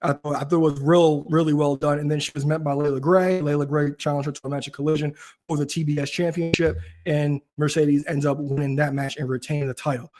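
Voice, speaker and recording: A man's voice: a little high, little pitch movement, quick pace, a little mellow. A man hosting a casual talk show, ranting animatedly with frequent restarts. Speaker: podcast host. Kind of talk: casual chat.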